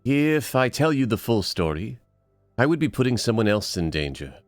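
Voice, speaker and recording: A man voicing a smooth-talking male con man posing as a nobleman, with a theatrical fake foreign accent and courtly manner. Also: mid-range voice, big pitch swings, normal speed, no room sound, faint music behind, voice pushed up, close to an everyday voice. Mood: conspiratorial.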